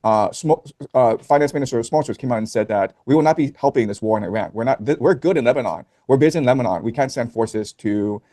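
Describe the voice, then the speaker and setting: Mellow-voiced man, measured and thoughtful. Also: mid-range voice, lively intonation. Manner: measured, with frequent ums. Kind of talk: casual chat.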